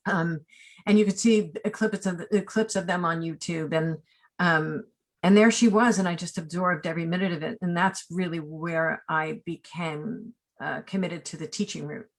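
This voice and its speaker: Rambling, lower-voiced woman in her sixties. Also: moderate pace. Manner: animated, rambling, many asides and tag questions. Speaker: casting director, guest. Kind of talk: remote interview, personal storytelling.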